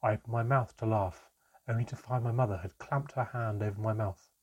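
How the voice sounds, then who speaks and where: A man narrating a storybook chapter in a steady, measured reading. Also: lowish voice, highs cut off.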